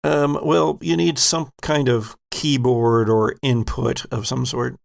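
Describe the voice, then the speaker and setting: Gravelly game master man, halting. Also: medium pitch, fairly even intonation, slight background noise. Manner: halting, with many restarts and self-corrections. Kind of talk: narrating a tabletop game.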